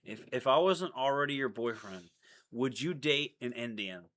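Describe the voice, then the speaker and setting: A man's voice: mid-range voice, animated, moderate pace, a bit bright. A young man hosting a casual livestream chat, joking and laughing easily. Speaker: streamer host.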